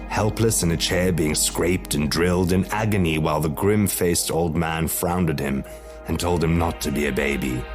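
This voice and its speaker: A man reads a scripted horror story in a low, deep voice, measured and dramatic. Music plays clearly beneath his narration.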